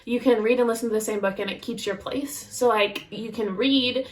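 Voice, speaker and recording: A woman's voice: fairly high pitch, steady tone, moderate pace. A young adult woman co-hosting a knitting podcast, chatting casually and rambling with lots of fillers. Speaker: podcast co-host. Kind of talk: casual chat.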